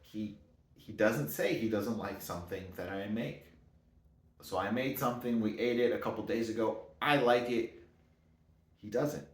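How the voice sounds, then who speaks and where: This motivational speaker has a low voice and talks at a normal speed in a roomy, echoing space. His casual monologue wanders along in loose sentences, with frequent self-corrections.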